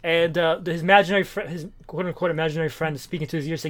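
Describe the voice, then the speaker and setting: Man, high voice, fast talker, casual comic discussion. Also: fairly even intonation. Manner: fast, stumbling restarts. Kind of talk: casual chat about comics.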